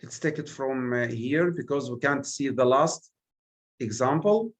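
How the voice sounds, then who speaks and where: A male English teacher giving an exam revision lesson, speaking deliberately and stressing single words one at a time. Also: medium pitch.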